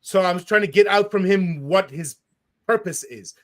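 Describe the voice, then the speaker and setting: A man hosting a casual talk show, reading out comments with animated indignation and laughing as he goes. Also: high voice, moderate pace. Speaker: podcast host.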